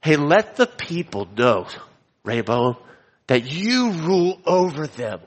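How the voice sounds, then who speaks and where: Male preacher, a bit high-pitched, emphatic and repetitive, recorded with a long hall echo. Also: sing-song. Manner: emphatic, repeats key phrases, slows down for stress. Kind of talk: expository sermon with scripture reading. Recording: long reverb of a large hall.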